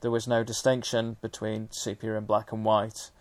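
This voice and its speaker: A man speaking as a film historian in a conversational discussion, measured and detailed, with frequent restarts. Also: lowish voice, completely flat delivery, dry recording.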